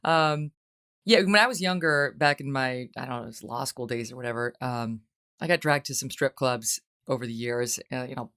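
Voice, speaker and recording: A middle-aged woman hosting a talk show, chatting casually and telling lively stories in which she acts out quoted voices. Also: extremely low pitch, moderate pace. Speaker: host. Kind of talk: casual chat.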